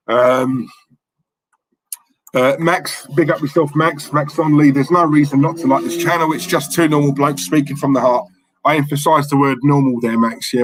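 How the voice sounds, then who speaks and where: A man's voice: medium pitch, low-quality recording. A passionate man, co-hosting a live fan stream and ranting from the heart. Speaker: fan channel co-host.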